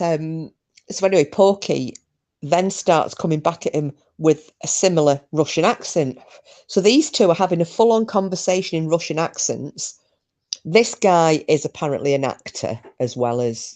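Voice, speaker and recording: A woman's voice: sits low, warm tone. A woman hosting a podcast, telling a story in a chatty, rambling way with frequent ums. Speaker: podcast host. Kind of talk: casual chat.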